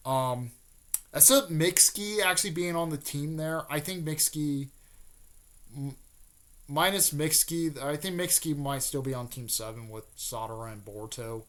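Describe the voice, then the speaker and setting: This man's medium-pitched voice is a bit bright as he casually retells a fan-made story on the fly. He rambles with lots of fillers and restarts, dropping in short snippets of what the characters say.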